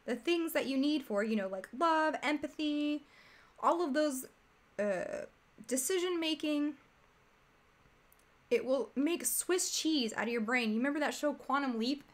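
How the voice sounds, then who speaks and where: A woman's voice: high-pitched, lively intonation, unhurried. A woman hosting a casual commentary stream, talking in a rambling, exasperated, chatty way. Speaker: streamer host.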